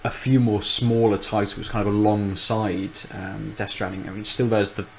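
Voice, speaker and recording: Rambling man, low voice. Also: level tone, normal speed, slight background noise, low-quality recording. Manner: rambling, thinks aloud with many restarts. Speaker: podcast co-host. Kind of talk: casual chat.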